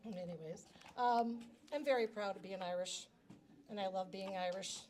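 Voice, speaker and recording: A woman's voice: medium pitch, normal speed, a little mellow, a little hiss or hum. A middle-aged woman giving a prepared personal speech as grand marshal at a reception, talking in a chatty, self-deprecating way into a handheld microphone. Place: reception hall.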